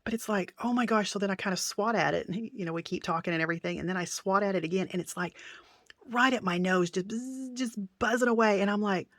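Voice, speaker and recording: A woman's voice: mid-range voice, fast, a bit bright, no echo. A woman craft vlogger chatting casually through an unboxing, gushing with delighted exclamations.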